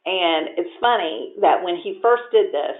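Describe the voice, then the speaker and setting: A woman real estate agent who is a guest on a webinar, telling stories in a lively, chatty way with plenty of fillers. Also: lowish voice, a little slow. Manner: lively storyteller, many fillers. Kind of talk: conversational webinar interview. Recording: tinny phone-like echoey audio.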